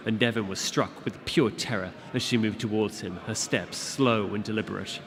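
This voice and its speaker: A man with a fairly low voice reads a fantasy novel aloud in a steady, measured way. A long hall echo carries his voice, and a listening audience is clearly present in the room. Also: crowd noise. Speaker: author reading his book. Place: convention event room.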